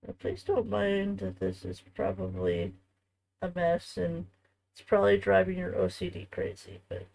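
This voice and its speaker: A woman's voice: lowish voice, huge pitch swings, normal speed, creaky, a little mellow, low-quality recording. A woman streaming from home, chatting casually with viewers as she works on a craft. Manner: chatty, talks to viewers while working. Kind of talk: casual live-stream chat while crafting.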